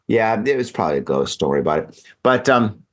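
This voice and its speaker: A man's voice: on the low side, quick pace. A drunk man hosting a casual talk show, telling a wild story and acting out his own yelps. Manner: animated, acts out his own yelps and voices. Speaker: podcast host. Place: home room in Japan.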